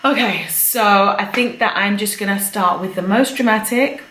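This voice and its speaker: A woman's voice: medium pitch, moderate pace, sharp tone, reverberant, a little hiss or hum, poor audio. A chatty woman giving a pregnancy update on her vlog, a little out of breath and laughing often. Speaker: vlogger.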